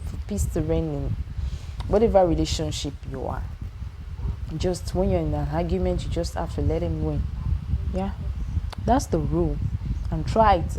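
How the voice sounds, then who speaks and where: A woman's voice: sits low, noisy background. A young Nigerian woman with a Nigerian accent giving relationship advice in a casual vlog, repeating her points emphatically and asking if you understand.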